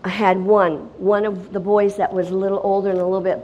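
A middle-aged woman gives a spoken testimony in a steady mid-range voice. She tells it dramatically, dropping to a hush and then rising to loud, excited bursts. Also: medium pitch, quick pace, lo-fi sound. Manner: dramatic storytelling, swinging from hushed to loud and excited.

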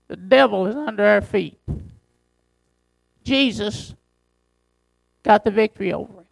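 High gravelly preaching man. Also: no room sound, rough recording. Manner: reads scripture slowly, preaches with emphasis. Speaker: pastor. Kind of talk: sermon.

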